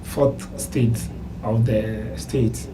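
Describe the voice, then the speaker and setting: A male panel guest gives measured, hesitant answers in a mid-range voice. Clear background noise runs under him in a noisy room. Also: mid-range voice, steady tone. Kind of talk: talk show discussion.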